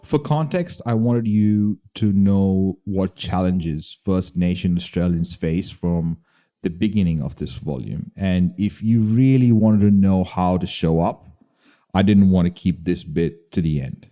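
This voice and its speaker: A man from Bahrain narrates a documentary-style podcast in a measured, dry voice. His pitch sits very low, and the tone is extremely dark and mellow. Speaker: podcast host.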